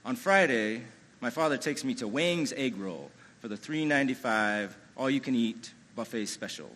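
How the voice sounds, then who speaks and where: A man's voice: medium pitch, lively intonation, moderate pace, fairly bright tone, slight background noise, low-quality recording. A man telling a true-feeling personal story live on a ballroom stage, in a conversational way with lots of "you know" and "like". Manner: amused, chuckles through the telling.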